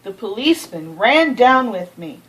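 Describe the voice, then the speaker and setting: A woman reading a children's picture book aloud, expressive, with gasps and asides to the listener. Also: on the high side, unhurried, low-quality recording. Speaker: storybook reader.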